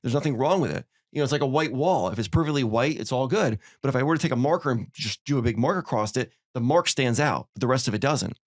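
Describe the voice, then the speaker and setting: A man hosting a podcast, chatting casually and acting out little quoted lines as he tells stories. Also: medium pitch. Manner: fast, animated storyteller acting out quotes. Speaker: podcast host. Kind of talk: casual conversation.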